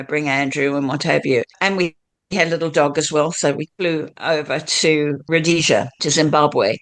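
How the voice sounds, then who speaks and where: Older woman with a blended accent. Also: sits low. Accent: mixed British, Australian and South African. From Britain. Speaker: guest. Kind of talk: storytelling interview.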